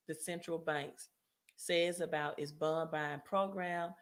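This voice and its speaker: A woman hosting a casual finance livestream, talking loosely to viewers, often checking in with "right?" and correcting herself mid-sentence. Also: low voice. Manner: chatty, frequent "right?" tag questions and self-corrections. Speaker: credit and finance livestream host.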